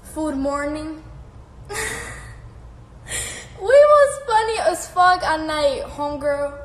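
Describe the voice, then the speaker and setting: A young woman with a high voice chats slowly and casually on a phone live stream, answering fan comments with frequent laughs and casual swearing. The sound is roomy and echoey, with faint background noise. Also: very animated. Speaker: livestreamer reading fan comments.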